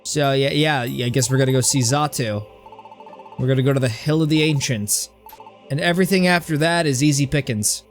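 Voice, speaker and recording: A man's voice: mid-range voice, fairly quick, faint music behind. A young man casually joking and rambling through a video game stream, often stammering and restarting his sentences. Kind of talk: casual let's-play commentary.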